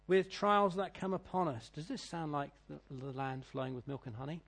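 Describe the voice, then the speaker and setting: A man's voice: on the high side, fairly even intonation, normal speed, gravelly, hardly any pauses. Emphatic British preacher man, middle-aged. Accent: British English. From Britain. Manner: emphatic, swings from loud declaiming to quiet asides. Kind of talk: sermon.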